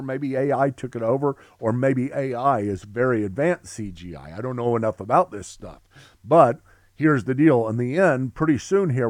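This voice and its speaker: A middle-aged man teaching a theology class, talking with excitement in long run-on sentences full of restarts. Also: mid-range voice, dry recording, studio quality. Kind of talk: classroom lecture.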